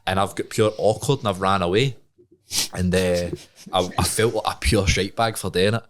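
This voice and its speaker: A man's voice: low-pitched, normal speed, slight background noise. A young Scottish man, a podcast co-host, telling a story in casual chat and acting out the voices of the people in it. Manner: animated, laughing, acts out voices in his stories.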